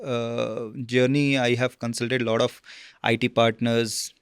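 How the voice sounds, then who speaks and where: A man, a guest telling his career story in a casual interview, halting with many fillers and "okay?" check-ins. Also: medium pitch, flat delivery, smooth, dry recording, studio quality.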